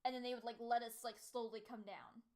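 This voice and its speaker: A young woman with a high voice chatting on a podcast. She tells stories in an animated way and keeps saying "like". She jumps up into squeaky voices when she quotes people. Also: a little fast. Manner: animated storytelling with many "like" fillers, high-pitched quoted voices. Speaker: podcast co-host. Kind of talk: casual chat.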